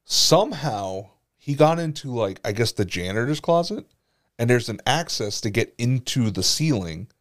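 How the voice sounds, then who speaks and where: A man's voice: mid-range voice, lively intonation, normal speed. A man co-hosting a podcast, telling crude, profane school stories in casual chat and laughing as he goes. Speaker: podcast co-host.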